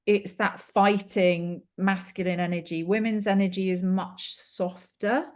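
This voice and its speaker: A woman's voice: medium pitch, flat delivery, measured pace, darkish tone. A middle-aged British woman with a British accent, a clairvoyant telling a reading story in an interview, with many ums. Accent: British English. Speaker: clairvoyant and yoga teacher.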